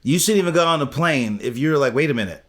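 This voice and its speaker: A man co-hosting a podcast in casual recap chat, opinionated and deliberate, speaking to his listeners. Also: a little high, expressive, fairly bright tone. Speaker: podcast co-host.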